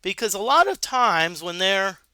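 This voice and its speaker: Guy streaming a game, high bright voice, dry close mic. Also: very animated, a little slow, smooth, no room sound. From United States. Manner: talkative, restarts, reads game text aloud. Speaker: streamer playing a video game. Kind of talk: casual game commentary.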